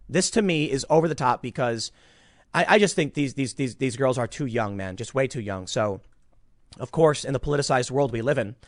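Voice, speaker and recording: A man's voice: a little high, dry recording, clean studio sound. A man giving casual online commentary, talking emphatically with frequent restarts. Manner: animated, emphatic, ranting with repeated restarts.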